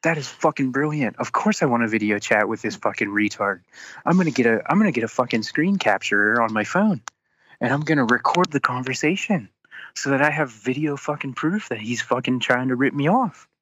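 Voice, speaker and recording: A man telling a long story in casual chat, animated and swearing constantly as he acts out both sides of an argument. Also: mid-range voice, brisk. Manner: animated, heavy swearing, quotes people in exasperated retellings.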